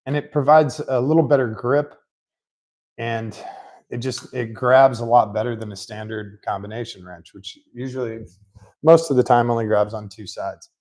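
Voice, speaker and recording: With a medium-pitched, darkish voice at a moderate pace, a man shows a car repair in his home garage for a casual workshop vlog. He's chatty, rambling and pokes fun at himself, and the rough audio is captured by a laptop perched on a rolling stool.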